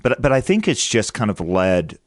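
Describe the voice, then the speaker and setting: A man with a low voice hosts a podcast interview in a dry, close sound. He talks earnestly, often restarting and repeating words as he gathers his thoughts. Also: very animated, moderate pace, no room sound. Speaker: podcast host. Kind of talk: conversational interview.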